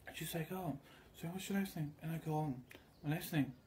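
A man talks through a loose, wandering story, slipping into quick imitations of the people he met. His voice sits a little high but sounds mellow and warm. A faint hum of background noise runs underneath. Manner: meandering and crude, acts out other voices in quotes. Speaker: vlogger. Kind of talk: rambling casual storytelling.

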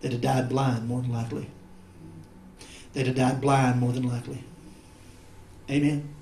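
A male pastor preaching a sermon, rising to shouted climaxes and dropping to quiet asides. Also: mid-range voice, level tone, normal speed, a little hiss or hum. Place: church. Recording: echoey church sanctuary.

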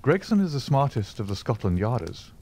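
A man's voice: medium pitch, a little fast, slight background noise. A man doing a cool, offhand detective. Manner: calm, dry and offhand. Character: cool, brusque male detective, offhand and lazy.

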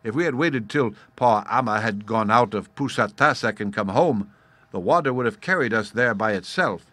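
A man voicing a weary, lazy grown man who complains loudly about paddling home in a storybook. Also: lowish voice, expressive, moderate pace, dry recording.

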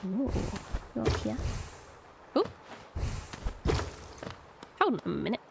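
A woman's voice: a little high, very animated, slow, gravelly, background noise. A woman giving reactive let's-play commentary, exclaiming and swearing as the game pressures her. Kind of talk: live gameplay commentary.

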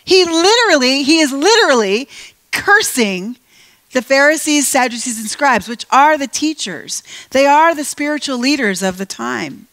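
A woman giving a conversational Bible teaching at a live event, emphatic and animated, slowing down to stress her points. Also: high-pitched. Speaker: guest speaker at a faith event. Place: live event venue before an audience.

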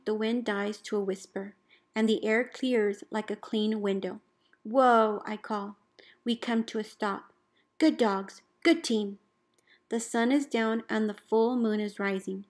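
A woman, a teacher, reading a picture book aloud in an expressive storybook voice, calling out the commands with gusto. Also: mid-range voice, unhurried. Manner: expressive, calls out dog commands loudly.

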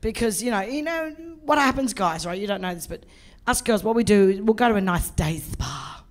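A middle-aged Australian woman doing stand-up, telling a story in a brash, profane, animated way. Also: mid-range voice, moderate pace. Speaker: stand-up comedian.

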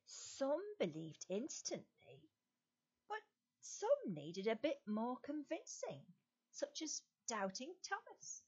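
An English woman leading a children's Sunday school lesson, quizzing and storytelling in a slow, sing-song way with exaggerated rises. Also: high-pitched, huge pitch swings, darkish tone, husky, dull audio.

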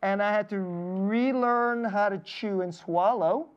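A man's voice: high voice, a little slow, clear, resonant tone. Pastor guy in his 30s preaching, telling his own stories, little laughs here and there, kinda muffled lo-fi sound. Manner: personal storytelling with frequent laughs. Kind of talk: sermon.

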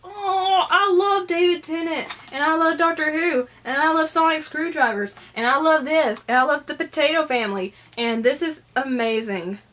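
A woman vlogger opening gifts on camera, gushing and excited, often tearful and soft-spoken. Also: sits high, normal speed, hardly any pauses. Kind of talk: casual unboxing vlog.

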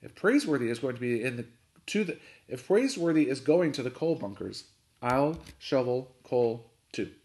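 A man's voice: medium pitch, very animated, moderate pace, a little mellow. A man voicing an earnest, brave twelve-year-old boy who speaks up eagerly.

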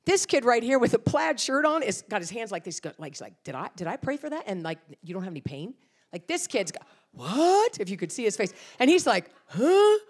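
With a medium-pitched, breathy-edged voice and a quick pace, a middle-aged guest speaker preaches. She tells animated stories, acting out many of the quotes.

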